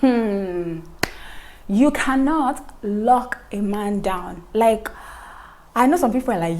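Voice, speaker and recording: Brief: young woman vlogger, chatty and emphatic, mid-pitched voice, faint hiss behind. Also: lively intonation, slow, a little mellow. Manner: chatty, repeats words for emphasis, laughs at own jokes. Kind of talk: casual chat to camera.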